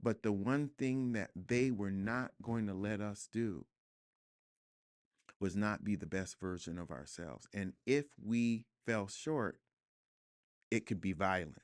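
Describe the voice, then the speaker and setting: A man with a fairly low voice talks as a guest in a studio interview. He is reflective and earnest, and at times he builds to emphatic repetition. The tone is smooth and full, and the sound is dry and close. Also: takes it slowly, no echo. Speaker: guest author. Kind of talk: podcast interview conversation.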